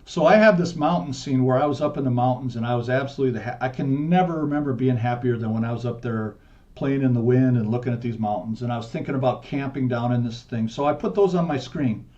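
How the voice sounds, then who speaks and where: Mellow-voiced man sharing a frank story. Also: medium pitch. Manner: earnest, frank, speeds up and slows down to stress points. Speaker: podcast guest. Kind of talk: candid conversational storytelling. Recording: dull muffled podcast audio.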